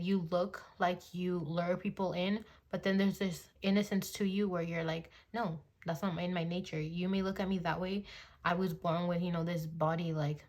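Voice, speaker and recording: A woman in her twenties, working as a tarot reader, does a casual reading into her phone, rambling with fillers like "like" and "you know" and sometimes breaking into gushing quoted voices. Her pitch is fairly low and her voice a little mellow.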